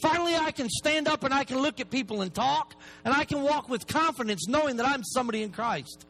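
Guy in his 40s preaching quick, high voice, jokey and fired up. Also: creaky, rough recording. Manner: fast-talking, self-deprecating, animated preaching. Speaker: recovery ministry speaker. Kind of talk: sermon.

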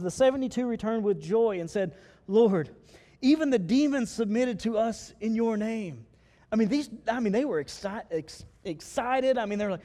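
A high-pitched man delivers an animated sermon from the pulpit. He slips into the voices of the people he quotes as he preaches. His voice rings out with a long reverb in the sanctuary. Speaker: pastor. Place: church sanctuary.

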